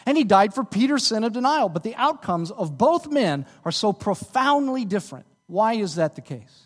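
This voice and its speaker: Male pastor, high lively voice, preaching in a reverberant sanctuary. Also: moderate pace. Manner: animated, rises to emphatic peaks. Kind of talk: sermon.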